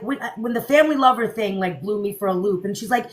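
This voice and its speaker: A woman host telling a personal story in a casual storytime, animated and acting out the dialogue. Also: medium pitch, fast, poor audio. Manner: animated, acts out quoted dialogue.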